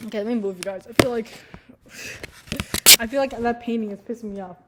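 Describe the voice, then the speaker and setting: A young woman talking casually to camera in an animated, profane rant, sometimes mocking people in put-on voices. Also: a little high, fast talker, long pauses, very noisy. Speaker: vlogger. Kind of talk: casual ranting chat to camera.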